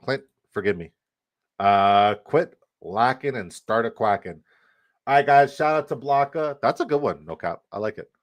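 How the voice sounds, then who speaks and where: A man's voice: mid-range voice, animated, normal speed, muffled recording. A man hosting a casual live fantasy football stream, swearing freely and reading out and answering chat. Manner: profane, hyped, reads and answers chat.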